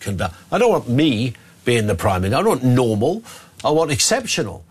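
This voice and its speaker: A man's voice: brisk, breathy edge. A man with a British accent hosting a radio phone-in, giving blunt opinions in casual chat. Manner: blunt, conversational, lively pitch swings. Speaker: radio talk show host.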